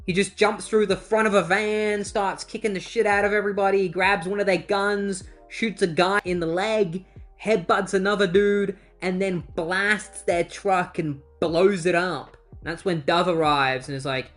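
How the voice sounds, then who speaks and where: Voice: mid-range voice, fairly even intonation, moderate pace, fairly bright tone, soft background music. A host recapping comic book issues in a casual, wry way, swearing now and then and briefly acting out characters' lines. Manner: breezy, wry, swears casually, acts out quotes.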